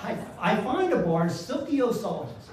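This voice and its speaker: A man's voice: sits high, very animated, normal speed. An older man telling a self-deprecating comic story on a live stage, chatty and full of asides. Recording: echoey room, mic far off.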